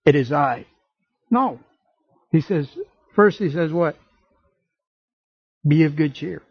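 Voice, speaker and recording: An animated male preacher delivering a sermon and slipping into playful voices and asides. His voice sits a bit high and sounds husky. The recording is dry and slightly dull. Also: slow pace, dry recording.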